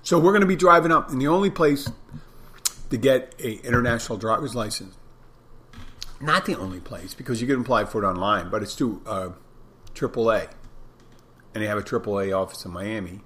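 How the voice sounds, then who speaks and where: A man's voice: lowish voice, brisk, pauses often, fairly bright tone. A middle-aged man hosting a podcast alone, chatting in a rambling way and often correcting himself. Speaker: podcast host, bartender. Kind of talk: casual solo podcast talk. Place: home in the Florida Keys.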